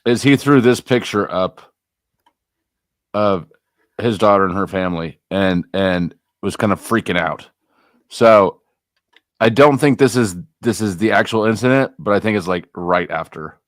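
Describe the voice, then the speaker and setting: A man hosting a casual livestream chat, rambling and halting with many fillers. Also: fairly low pitch, no echo, studio quality. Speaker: stream host.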